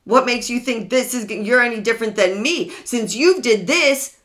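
A woman's voice: fairly high pitch, moderate pace, a bit bright, natural voice. A woman putting on a scornful guilt-tripping abuser. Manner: reproachful, scolding.

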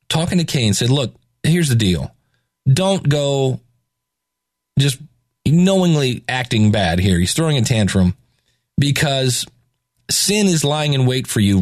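A man's voice: a little high, no echo, clean studio sound. A middle-aged man giving a casual Bible reflection, talking loosely with restarts and hesitations and retelling scripture in everyday speech. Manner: conversational, rambling with restarts and hesitations.

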